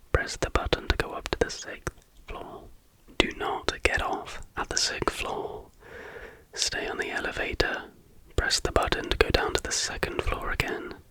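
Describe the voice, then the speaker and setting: In a slow, measured whisper, a male ASMR presenter tells an urban legend as if walking the listener through instructions one step at a time.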